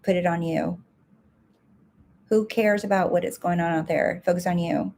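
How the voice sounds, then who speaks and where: A woman's voice: on the low side, fairly even intonation, normal speed, darkish tone. A woman success coach answering viewer comments live, direct and emphatic, repeating her key points.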